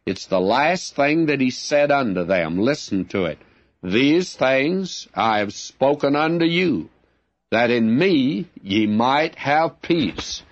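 A man's voice: medium pitch, muffled recording. A man teaching verse by verse from the Bible in an earnest, plainspoken way, often calling his listeners friends.

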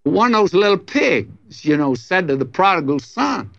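Folksy storytelling preacher. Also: male voice, sits high, big pitch swings, normal speed, gravelly, hardly any pauses, fairly bright tone, no room sound. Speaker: pastor. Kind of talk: sermon. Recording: dull, dry lo-fi recording.

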